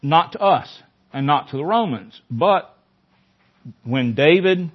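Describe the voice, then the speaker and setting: A man's voice: on the high side, animated, slow pace, husky. A man leading a Bible study in a conversational teaching style, often repeating phrases for emphasis. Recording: dull lo-fi recording.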